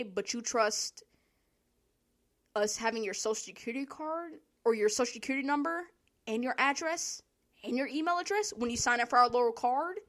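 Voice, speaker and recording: Recorded solo, a young woman speaks in a fairly bright, slightly high voice as she laughs her way through a foul-mouthed story from work. It's a casual storytelling rant aimed at her vlog audience.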